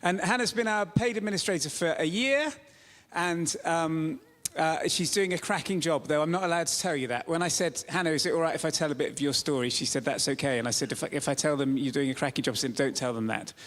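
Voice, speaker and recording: A man with a high-pitched voice delivers a chatty, joking sermon to his congregation. His voice rings out through a church with a long, trailing reverb, and he tells stories with animated energy. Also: quick pace. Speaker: pastor. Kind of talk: informal sermon with humor. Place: church sanctuary.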